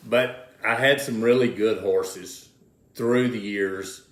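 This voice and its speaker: A man's voice: fairly low pitch, steady tone, takes it slowly. An older man, telling folksy rodeo stories as an interview guest, repeating words as he goes. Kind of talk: casual storytelling. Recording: roomy echo.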